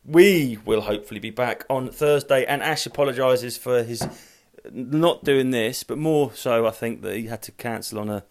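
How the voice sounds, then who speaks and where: At a normal speed and in a mid-range voice, a middle-aged man hosts a solo podcast, strolling through the rooms of his home. He's tired, hot and hungover, and his talk is rambling, sweary and self-mocking.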